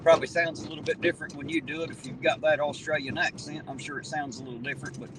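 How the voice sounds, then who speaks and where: Talking very fast in a fairly high voice with little pitch movement, this livestream host chats from his vehicle at night. He has an Appalachian accent and greets viewers by name in a folksy, talkative manner, while a distant mic catches loud road noise.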